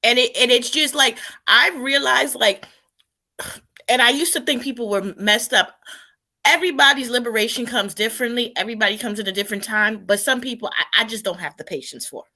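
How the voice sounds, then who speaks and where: A woman's voice: on the high side, a little fast, bright, forceful tone. A woman appearing as a guest in a casual chat, speaking bluntly and emphatically.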